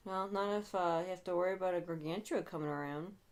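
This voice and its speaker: A woman co-hosting a casual movie commentary, dropping quick teasing asides. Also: on the low side, a little mellow.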